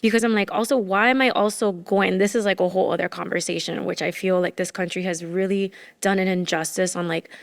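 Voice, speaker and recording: A woman's voice: fairly low pitch, steady tone, fairly quick, few pauses. A woman in her thirties speaking as a podcast guest, telling her story candidly and emotionally, full of "like" fillers. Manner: emotional, rambling with many "like" fillers. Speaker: podcast guest, former entrepreneur.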